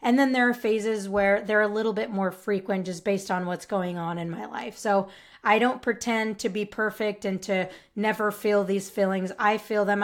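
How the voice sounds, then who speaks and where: A woman talks through a solo podcast episode in a casual, earnest way. Her tone stays reassuring and she addresses the listener directly, often tossing in "right?" and "like". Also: mid-range voice. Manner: frequent "right?" and "like" tags. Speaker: podcast host.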